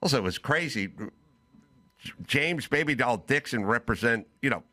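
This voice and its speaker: Animated man telling a comic story. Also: medium pitch, moderate pace. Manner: acts out both sides of conversations, rising to excited shouts. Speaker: podcast host.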